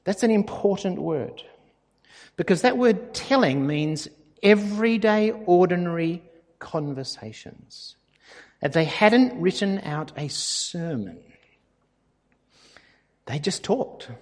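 A man's voice: sits high, animated, slow, long pauses, a little mellow. A man preaching a conversational, anecdotal sermon in a reverberant church hall. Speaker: pastor.

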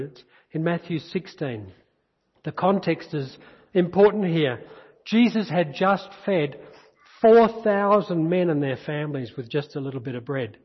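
Raspy pastor preaching in an echoey hall. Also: male voice, fairly high pitch. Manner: earnest preaching, reads scripture aloud, repeats key phrases. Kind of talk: sermon. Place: church. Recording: dull echoey church hall recording.

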